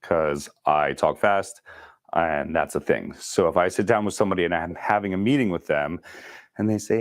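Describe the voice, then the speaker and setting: A deep-voiced man leads a casual sales training session and talks fast. He jokes and keeps it chatty. His voice sounds dry and close, with little room echo. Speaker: real estate sales trainer.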